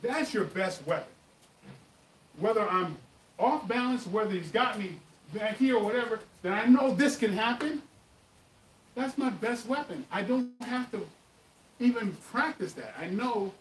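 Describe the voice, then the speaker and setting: Recorded from a distance, off-mic in an echoey room with a faint hiss, a man with a fairly high voice hosts a live martial arts Q&A stream. He chats and tells stories with animated emphasis.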